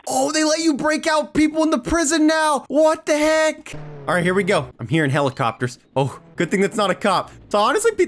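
A man giving excitable Let's Play commentary as a gaming YouTuber, full of quick exclamations. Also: fairly high pitch.

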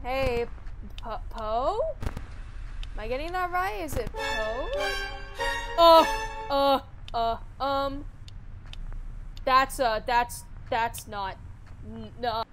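A woman's voice: sits high, slow, long pauses, a bit bright, soft background music, poor audio. A young adult woman streaming a horror game live, panicking, swearing and repeating herself under stress. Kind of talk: live gameplay reaction.

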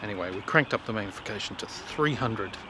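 Keen male astronomer, lowish voice, outdoors with clear noise and traffic behind. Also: animated, fast. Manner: enthusiastic, chatty. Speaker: amateur astronomer. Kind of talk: casual outdoor commentary. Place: outdoors in a field.

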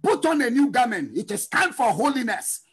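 A middle-aged man preaching a fervent sermon, shouting refrains and breaking into sung lines. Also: very high-pitched, very animated, normal speed, husky. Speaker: pastor.

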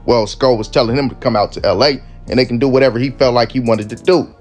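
A man hosting commentary over clips, talking in relaxed street slang. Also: mid-range voice, fast talker, faint music behind. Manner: laid-back street slang, conversational. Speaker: commentary channel host.

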